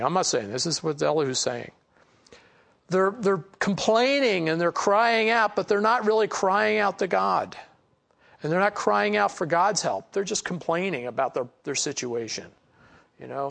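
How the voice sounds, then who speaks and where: High, gravelly-voiced man teaching scripture. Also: fairly bright tone. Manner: conversational, many "you know" asides. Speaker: Bible teacher. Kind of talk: reading scripture aloud and commenting.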